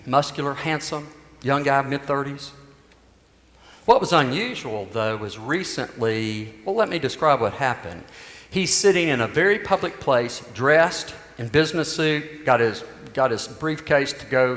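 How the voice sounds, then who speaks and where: A male pastor tells a story from the pulpit, stopping and restarting his sentences as he goes. His voice sits at an ordinary pitch. It rings through a church hall with a long, roomy reverb. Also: fairly bright tone. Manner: storytelling with frequent restarts and asides. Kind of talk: sermon.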